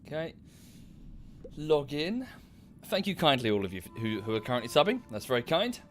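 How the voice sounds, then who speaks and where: A man's voice: on the high side, sing-song, moderate pace, a bit bright, faint music behind. A British man chatting casually on a livestream from his home setup, polite and rambling with lots of fillers. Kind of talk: casual stream chat.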